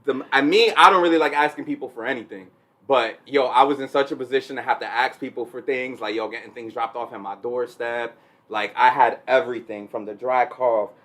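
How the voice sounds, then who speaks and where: A man's voice: medium pitch, a little fast, fairly bright tone. A man on a casual podcast, telling a long story, laughing often and acting out quotes with raised voice. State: recovering from covid. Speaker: podcast co-host. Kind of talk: casual chat.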